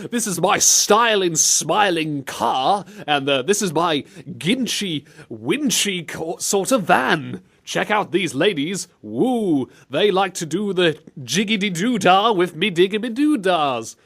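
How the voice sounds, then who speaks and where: A British man playing a sleazy, boastful man showing off his car, with drawn-out exaggerated words. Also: sits high, expressive, fairly bright tone, pitched above the performer's own voice, exaggerated voice. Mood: smug.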